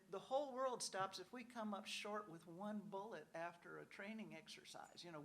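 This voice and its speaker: A woman speaking as a panelist at a conference. She talks conversationally, often says "you know", and acts out what officials might say. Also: mid-range voice. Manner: frequent "you know" asides. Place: conference hall.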